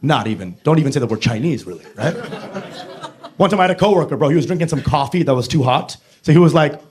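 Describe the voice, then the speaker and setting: A man's voice: fairly high pitch, animated, fast, darkish tone, a little hiss or hum. A man performing a brash, profane stand-up set on a club stage, mimicking accents and voices. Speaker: stand-up comedian. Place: comedy club stage before a live audience.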